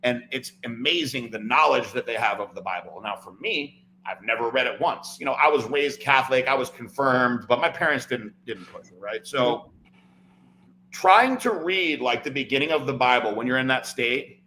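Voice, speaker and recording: A man's voice: mid-range voice, animated, normal speed, bright, forceful tone, a little hiss or hum, low-quality recording. A man, a podcast guest, telling a long personal story in casual chat, often tagging "right?" and "like". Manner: rambling, fills talk with "like" and "right?".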